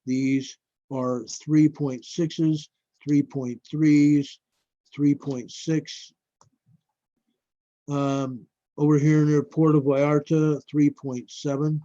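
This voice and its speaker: Slow, mellow-voiced man on a lo-fi stream. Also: a little high, flat delivery, dry recording. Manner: slow, rambling, addresses viewers as folks. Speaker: livestream host. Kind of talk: casual live stream commentary on earthquake maps. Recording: dull lo-fi dry stream audio.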